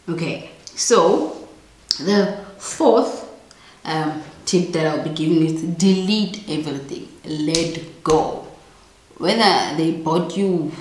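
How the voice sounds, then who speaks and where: A young woman with a low voice talks straight to her viewers, blunt and emphatic in a chatty advice vlog. The sound is roomy, with a clear echo off the walls. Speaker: vlogger giving relationship advice. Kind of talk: casual advice monologue to camera.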